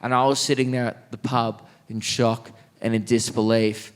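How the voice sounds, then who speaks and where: A young man from Australia doing stand-up comedy, telling stories in a lively way and acting out the people in them. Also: mid-range voice, clean tone. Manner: animated, acts out characters with quick voice shifts. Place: large theatre stage.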